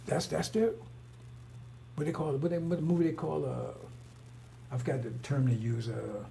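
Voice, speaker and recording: A man's voice: fairly high pitch, fairly even intonation, moderate pace, creaky, dark tone, a little hiss or hum. A man giving an informal religious talk, rambling and repetitive, full of rhetorical questions. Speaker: preacher.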